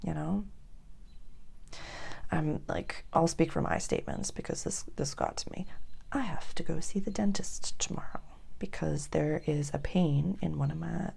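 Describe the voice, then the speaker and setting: A woman giving a casual, earnest astrology reading, often dropping to soft near-whispers. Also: deep voice, a little slow, gravelly, breathy edge.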